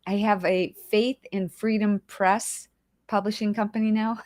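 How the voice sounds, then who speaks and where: A woman's voice: medium pitch, little pitch movement, measured pace, a little mellow, no room sound, studio quality. A woman hosting a casual livestream, chatty and emotional, greeting viewers by name and holding back tears. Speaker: livestream host.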